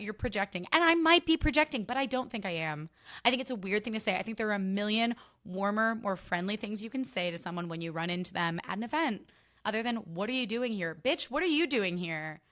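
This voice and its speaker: A woman's voice: medium pitch, expressive, brisk, pushed and bright. A young woman hosting her own podcast, chatting casually and candidly, swearing freely and getting worked up when she rants. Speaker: podcast host. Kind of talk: casual solo podcast chat.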